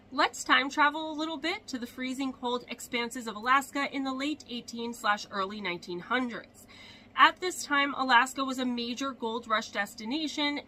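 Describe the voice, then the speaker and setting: A woman's voice: fairly high pitch, sharp tone. A woman with a cold talking casually to her viewers, her voice congested and nasal, chatty and self-deprecating. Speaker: paranormal YouTuber. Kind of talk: casual chat to camera.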